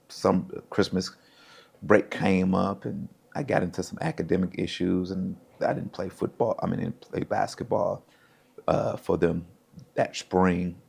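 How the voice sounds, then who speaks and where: A middle-aged former pro football player, guesting on a podcast, tells stories in a low, creaky, slightly rough voice. He's an animated storyteller who acts out what other people said in a casual interview setting.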